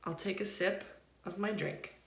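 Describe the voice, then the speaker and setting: A woman teaching English pronunciation in an online lesson, encouraging and repeating words slowly to model them. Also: mid-range voice, fairly even intonation, fairly bright tone, reverberant.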